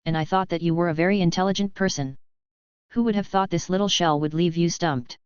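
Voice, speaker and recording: A woman's voice: fairly low pitch, a little fast, a little mellow, smooth, no room sound, lo-fi sound, natural voice. A woman voicing a sarcastic male immortal soul who acts as a teasing sidekick in an audiobook. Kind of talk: audiobook character voice.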